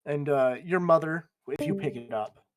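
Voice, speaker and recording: A woman's voice: low voice, normal speed. A woman narrating as game master in a casual tabletop session, with fillers and frequent laughs.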